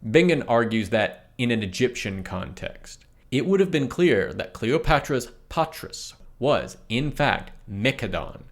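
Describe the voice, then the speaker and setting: A man reading a history blog post aloud in a measured way, reading out its notes and image descriptions too. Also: medium pitch. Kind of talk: read-aloud narration of an essay with notes.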